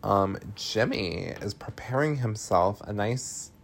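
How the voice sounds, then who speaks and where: Laid-back, slow-talking movie recapper. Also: low voice, lively intonation, vocal fry. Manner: chatty, filler-heavy, swears freely, laughs often. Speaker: podcast host recapping a film.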